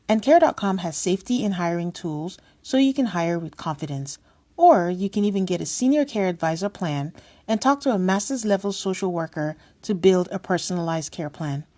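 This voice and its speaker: A woman reads a scripted sponsor spot in a smooth, steady promotional tone. Her voice sits a little low. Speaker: ad reader.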